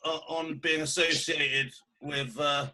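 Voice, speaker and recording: A man's voice: on the high side, flat delivery, slow, bright, forceful tone. A British man co-hosting a podcast, chatting in a blunt, crude and joking way. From United Kingdom. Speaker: podcast co-host. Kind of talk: casual podcast chat.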